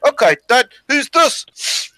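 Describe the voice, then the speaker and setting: A man voicing a cocky young son in a joke, pitched far above his own voice. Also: sing-song, slow, pushed and bright, no room sound, heavily acted. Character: cheeky young son of a chief, male.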